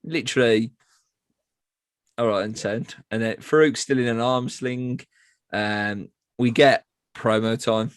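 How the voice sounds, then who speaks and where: A man recaps a wrestling show for a podcast, swearing freely and drifting into sarcastic asides. His mid-pitched voice sounds close and dry, with no room around it. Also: steady tone, measured pace, long pauses, no echo. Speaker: podcast co-host reviewing wrestling. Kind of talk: casual recap narration.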